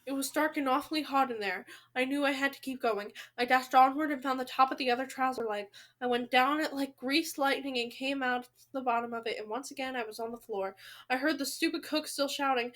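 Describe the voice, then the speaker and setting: A woman's voice: high voice, steady tone, brisk, fairly bright tone. A woman reading a novel aloud, breaking off for dramatic, emotional exclamations. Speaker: book reader.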